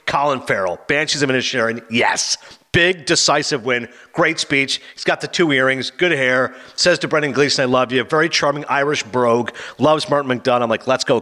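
A man's voice: on the high side, pushed and bright. A man riffing in casual, opinionated chat about award winners, acting out quotes in funny voices. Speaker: film commentator.

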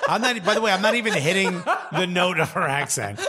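A comedian co-host with a slightly high voice, chatting casually and breaking into laughter as he spins his stories. He jokes constantly and acts out the people in his stories. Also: a little fast, a crowd in the background. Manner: joking, laughs often, animated storytelling. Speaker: podcast co-host and stand-up comedian. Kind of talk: casual chat.

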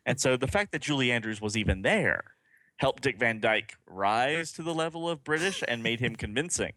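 A man trading jokes as co-host of a casual podcast. His voice is bright and ringing, and his pitch swings widely as he riffs. His tone stays playful from line to line. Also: moderate pace, dry recording. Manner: joking, playful, lively asides. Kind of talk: casual chat.

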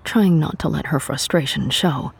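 A narrator reading a scripted audio drama in a steady storytelling voice, giving every character a voice. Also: mid-range voice, moderate pace, creaky, breathy edge.

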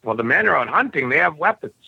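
A man from Canada, a podcast guest, telling stories bluntly with a rough edge. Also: on the high side, very animated, quick pace, dry recording, muffled recording. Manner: blunt, rough-edged storyteller. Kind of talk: casual storytelling interview.

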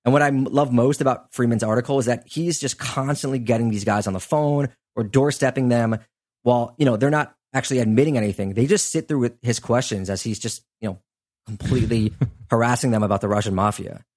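Telling a story in a loose, casual way full of fillers, a male podcast host who is also a sports journalist speaks briskly. His voice is medium in pitch and slightly mellow.

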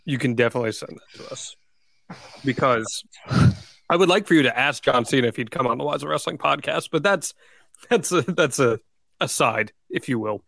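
A man's voice: mid-range voice, expressive, normal speed, creaky, a bit bright, dry recording. A man hosting a casual podcast chat, running its segments in an upbeat, game-show way. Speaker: podcast host.

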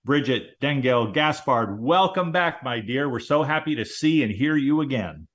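A man's voice: mid-range voice, expressive, moderate pace. A man hosting a talk show in a casual chat, jovial and joking, laughing often. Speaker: radio show host.

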